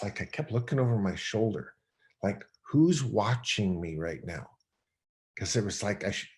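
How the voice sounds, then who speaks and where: As a podcast guest, a man tells a personal story in conversational fashion, rambling loosely with many fillers and voicing his own past thoughts aloud. His voice is medium-pitched with a darkish tone.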